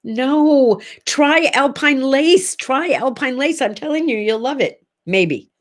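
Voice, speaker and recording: A middle-aged woman with a fairly high voice hosts a relaxed morning chat show. She talks straight to her camera, gushing and rambling, and keeps slipping into little asides. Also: slow pace, few pauses. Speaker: host. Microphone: talking to a camera.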